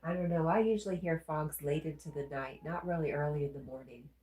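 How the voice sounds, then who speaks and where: Her voice is deep and a little mellow, and she talks briskly in a roomy-sounding space. She's a Southern woman with a stuffy nose hosting a livestream, casually chatting and reading viewer comments aloud before responding.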